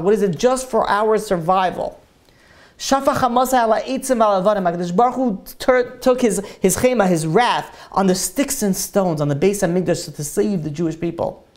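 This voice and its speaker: A woman's voice: medium pitch, a little mellow. A woman giving an earnest sermon-style talk, telling stories with many restarts and acting out the quotes. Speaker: speaker giving a Tisha B'Av talk. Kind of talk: sermon with storytelling.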